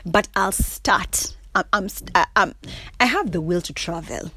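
Slight background noise accompanies this medium-pitched, unhurried voice of a young woman from Kenya with a Kenyan accent. Vlogging casually to the camera, she laughs often and talks in a blunt, animated, emphatic way, swearing frequently.

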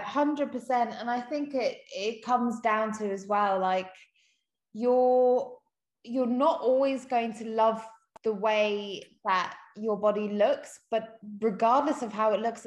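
A woman's voice: fairly high pitch, darkish tone. A woman talking in an earnest, encouraging way in a casual conversation, often repeating words as she talks. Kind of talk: casual conversation on self-compassion.

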